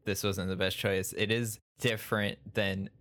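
A man's voice: lowish voice, little pitch movement, moderate pace, a bit bright. A man co-hosting a podcast, joking and laughing often while recapping. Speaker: podcast co-host. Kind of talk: casual chat.

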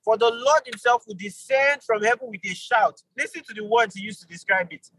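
A man teaching an online Bible study, animated, with sudden jumps in pitch for emphasis and quick apologetic asides. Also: husky, no echo, low-quality recording.

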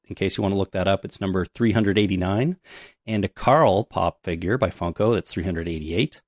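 An easygoing man hosts a podcast in a casual, joking tone. His voice sits low, and the sound is dry and close. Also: darkish tone, no echo. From Canada. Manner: easygoing, joking, with filler pauses. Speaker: podcast host. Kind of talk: casual chat.

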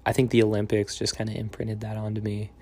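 Young man rambling in a flat, low voice. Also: fast. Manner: rambling, meandering, many fillers and trailing thoughts. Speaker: vlogger. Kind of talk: casual rambling monologue.

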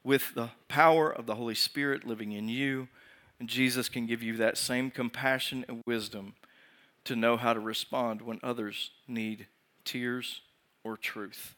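A man with a medium-pitched, steady voice preaches a sermon as pastor. He poses rhetorical questions to the congregation and swings between raised emphasis and hushed, slow lines.

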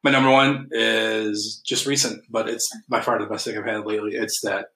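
A man's voice: lowish voice, level tone, moderate pace, bright, forceful tone, reverberant, low-quality recording. A man co-hosting a casual local podcast, telling stories and laughing often. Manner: chatty storyteller, laughs often. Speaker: podcast co-host. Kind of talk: casual chat.

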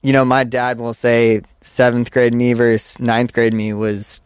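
A young man co-hosting a podcast, telling stories in an animated way and mimicking his friends. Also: mid-range voice, a little slow, clean tone, no room sound, studio quality. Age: young adult. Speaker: podcast co-host. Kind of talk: casual chat.

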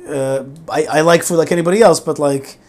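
Animated man, lively talker. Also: fairly quick. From born in Israel, raised in the US. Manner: animated, repeats words and restarts, emphatic swings in pitch. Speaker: guest. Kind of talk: casual conversational interview.

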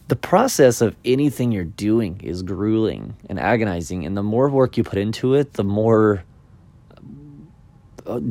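A man's voice: fairly low pitch, a little mellow. A man talking casually on his own podcast, rambling and tired, yawning now and then. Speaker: magician podcaster. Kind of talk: casual solo podcast talk.

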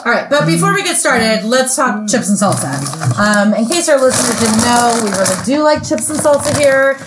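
A chatty, playful woman co-hosts a casual podcast and laughs easily between her remarks. Her voice sits a little high. The room adds a clear echo, and noticeable noise is heard behind her. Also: expressive, moderate pace. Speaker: tech coach and co-host.

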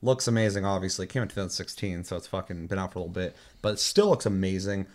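A man's voice: sits low, racing, a little mellow. A man hosting a casual gaming chat, telling rambling stories full of swearing. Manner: profane, rambling storytelling.

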